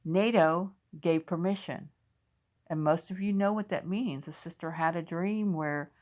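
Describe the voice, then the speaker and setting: A woman's voice: on the low side, measured pace, a little mellow. A woman from the United States hosts a faith channel and chats casually while reading out viewers' dreams, talking straight to her audience. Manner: chatty, talks straight to viewers. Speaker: host of a faith video channel.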